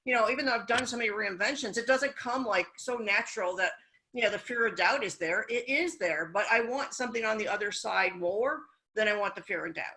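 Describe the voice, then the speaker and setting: A woman's voice: mid-range voice, brisk, pushed and bright, low-quality recording. A woman guest on a business podcast, talking frankly and encouragingly in casual conversation.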